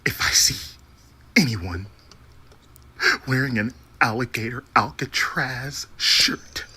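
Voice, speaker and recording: A man's voice: medium pitch, takes it slowly, bright, forceful tone, husky, full character voice. A man playing an overwrought, sobbing parody of a left-wing protester in a mocking video clip, wailing through fake tears. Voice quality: mock crying, wailing.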